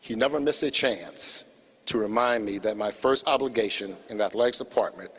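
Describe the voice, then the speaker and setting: A man's voice: lowish voice, fairly quick, a bit bright, long reverb tail, a little hiss or hum. A man from Louisiana, an athletic director, giving a prepared, earnest tribute to his late mentor at a memorial service.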